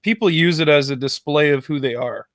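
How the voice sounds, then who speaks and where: Man, podcast co-host, mid-pitch voice, laid-back casual talk, dry close sound. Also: brisk, dry recording. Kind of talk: casual chat.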